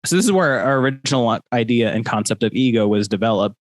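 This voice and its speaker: A man's voice: mid-range voice, lively intonation, quick pace, no room sound. A man with stuffy sinuses from allergies, co-hosting a podcast and explaining ideas in a loose, joking way. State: congested from allergies. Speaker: podcast co-host. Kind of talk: casual explanatory chat.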